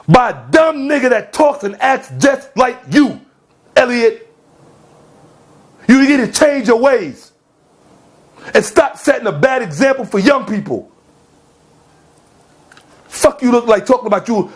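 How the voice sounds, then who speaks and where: A man with a strikingly high-pitched voice delivers a confrontational rant aimed at a rival. He scolds in slang-heavy street talk and keeps hammering his points with repeated questions. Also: big pitch swings, a little slow, pauses often. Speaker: online commentator. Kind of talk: heated rant addressed to a rival.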